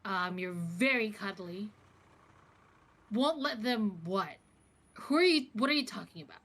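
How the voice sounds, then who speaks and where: A woman's voice: medium pitch, lively intonation, a little slow, fairly bright tone. A woman playing a tabletop role-playing game, talking in character in a hesitant, stammering way. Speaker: player.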